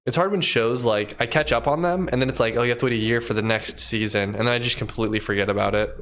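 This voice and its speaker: A man livestreaming as a programmer, thinking aloud in a loose, relaxed way and chatting with viewers. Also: mid-range voice, quick pace, a little hiss or hum. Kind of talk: casual livestream chat while coding.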